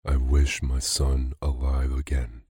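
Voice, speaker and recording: Fearful old husband, unsteady, voiced by a man reading in a deep, husky, mellow tone. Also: monotone, slow, dry recording, full character voice. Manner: unsteady, faltering. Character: frightened old husband, shaken and reluctant.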